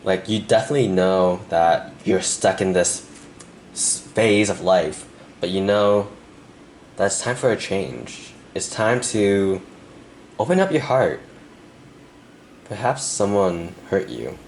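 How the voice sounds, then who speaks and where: A young man doing a pick-a-card tarot reading, talking softly and earnestly to the viewer with pauses, and emotional at times. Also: low voice, animated, a little hiss or hum. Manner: soft, earnest, speaks directly to the viewer with pauses. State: emotional, close to tears. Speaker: tarot reader.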